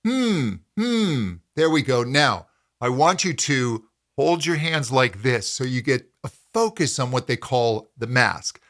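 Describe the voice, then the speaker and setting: A middle-aged man teaching a voice lesson as a vocal coach, calmly explaining and demonstrating hums and pitch slides. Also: measured pace.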